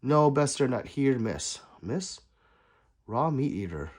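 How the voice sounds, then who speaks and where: A man hosting a livestream, chatting casually and reading out viewer comments, swinging between loud remarks and quiet asides. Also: medium pitch, sing-song, unhurried. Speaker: livestream host.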